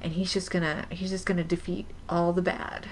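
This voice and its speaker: A woman's voice: on the low side, flat delivery, brisk. A woman co-hosting a podcast in casual chat, gushing and playful, often giggling. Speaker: podcast co-host.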